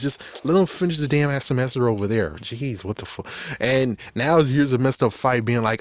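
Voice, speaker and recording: A man's voice: medium pitch, lively intonation, normal speed, no room sound. A man recapping a TV show in a casual, exasperated rant, swearing a lot and laughing often.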